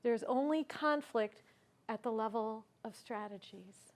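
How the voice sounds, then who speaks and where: On a conference stage, a woman with a fairly high-pitched voice tells a personal story at an unhurried pace. She's earnest and reflective, and she asks the audience questions.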